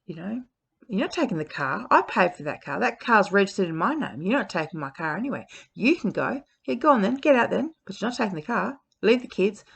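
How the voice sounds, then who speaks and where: A woman's voice: medium pitch, sing-song, fairly quick, creaky, fairly bright tone, husky, pitched above the performer's own voice, full character voice. A woman voicing a manipulative male ex-partner, quoting his bitter, mocking retorts to a partner who is leaving. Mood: bullying. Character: manipulative male ex-partner, pleading then bullying.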